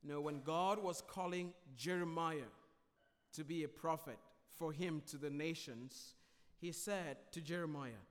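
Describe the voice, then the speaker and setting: High-voiced preacher in a reverberant hall. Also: male voice, measured pace. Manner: emphatic, repetitive preaching with swings between loud and soft. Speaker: pastor. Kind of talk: sermon.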